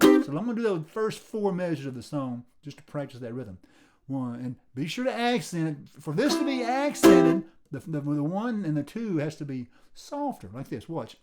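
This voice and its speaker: A man teaching a song on ukulele in a relaxed, repetitive way, counting beats aloud and explaining the rhythm. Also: a little high, over loud music. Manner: sings lyrics slowly while playing. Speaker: music teacher. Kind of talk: instrument lesson. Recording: ukulele playing under the voice.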